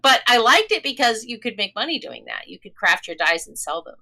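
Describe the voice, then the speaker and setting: A woman's voice: fairly high pitch, sing-song, a little fast, vocal fry, sharp tone. A woman co-hosting a casual podcast about role-play gaming, speaking emphatically and backing up her points. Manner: emphatic, agreeing. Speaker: podcast co-host.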